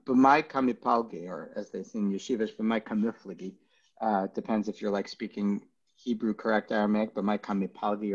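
A man teaching a Talmud class, loose and chatty, joking and thinking aloud with plenty of ums and uhs. His voice is a little husky and sits at a middle pitch. The audio sounds dull and lo-fi, like an online class. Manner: casual, joking, thinks aloud with many fillers. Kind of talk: informal Talmud lesson.

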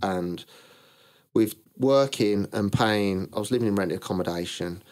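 In a measured, lowish voice, a British podcast guest who founded a clothing brand shares his story in a relaxed interview. He animatedly performs both sides of earlier exchanges and laughs at his own punchlines.

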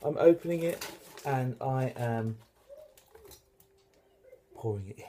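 A man's voice: mid-range voice, animated, slow pace, mellow, slight background noise. A British man hosting a casual home cooking demonstration in his kitchen, chatting and joking at his own expense. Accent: British English. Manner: chatty, joking, self-deprecating. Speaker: home cook and channel host.

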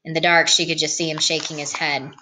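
A woman reading a novel aloud as an audiobook narrator, in a calm, even read-aloud manner. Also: low voice, fairly quick, slight background noise. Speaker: audiobook reader. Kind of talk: storybook narration.

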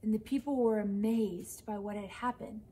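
A young woman teaching a children's church lesson, telling a Bible story in a lively way and often checking in with "right?". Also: medium pitch, moderate pace, poor audio.

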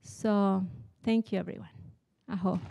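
A woman leading a spiritual talk about meditation, speaking gently and hesitantly, trailing off softly. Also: mid-range voice, steady tone, measured pace, creaky, noisy background. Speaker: workshop co-leader.

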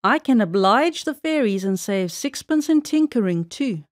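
A stingy, bargain-hunting housewife, voiced by a woman reading a storybook, who sounds fussy and scolding. Her voice sits higher than the reader's plain telling and is recorded dry, with no room sound. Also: expressive, moderate pace, dry recording, lightly acted. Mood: scheming. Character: stingy, bargain-loving old-fashioned housewife.

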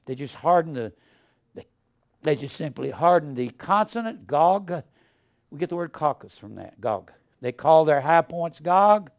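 Gravelly older man preaching fiery scorn. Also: mid-range voice. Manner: scornful, ranting, swings from mutters to shouts. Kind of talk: fiery sermon.

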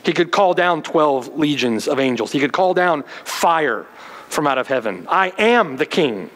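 Guy preaching a sermon, kinda high voice, earnest storytelling. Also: lively intonation, moderate pace, fairly bright tone, in a large hall, rough recording. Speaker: pastor.

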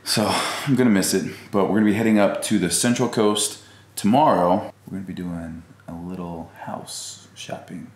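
A man's voice: low-pitched, steady tone, normal speed, darkish tone. Laid-back man vlogging. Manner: laid-back, slangy, rambling. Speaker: fitness vlogger. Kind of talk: casual vlog tour. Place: house tour, indoors and out. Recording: echoey room, faint background noise.

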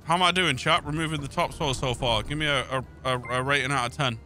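A man's voice: fairly high pitch, steady tone, fast talker, sharp tone. A young man joking and swearing through a co-op game, calling everyone mate. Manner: jokey, swears a lot, calls everyone mate. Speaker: gaming channel host. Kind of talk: casual gaming banter.

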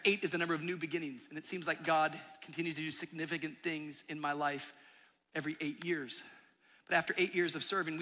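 Male pastor, thirties, bright forceful voice, earnest sermon storytelling, long reverb of a big auditorium. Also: fairly high pitch. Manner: earnest storytelling, building to emphatic peaks. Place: large church auditorium.

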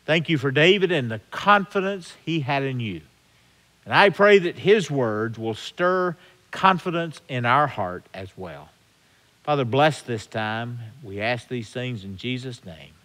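A male pastor delivers a Bible study sermon at an unhurried pace with a lively, swinging pitch. He builds to loud, emphatic rhetorical questions. The voice rings out with long reverb, as if in a church sanctuary.

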